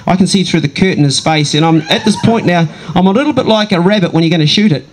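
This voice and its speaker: Guy telling a funny story on stage, chatty and wry, kinda high voice, little bit of background hiss. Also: expressive, low-quality recording. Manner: conversational, dramatic pauses, wry asides. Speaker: comedic storyteller. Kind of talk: live stand-up storytelling.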